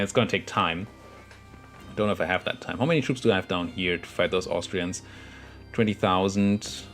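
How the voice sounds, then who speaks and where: A young man casually commentating his own strategy game, thinking aloud and muttering at the units on screen. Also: sits low. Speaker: gameplay commentator.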